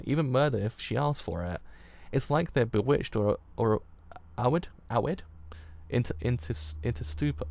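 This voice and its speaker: A man reading the lines of a worried male schoolboy friend, giving hurried, urgent warnings in his own voice. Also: medium pitch, gravelly, darkish tone.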